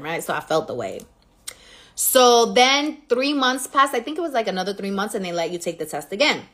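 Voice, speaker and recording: A woman with a New York accent, around her thirties, talking straight to her livestream viewers. Her voice sits in a mid range, and she tells the story in an animated, candid way, swearing freely as she goes. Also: medium pitch, normal speed. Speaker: livestream host.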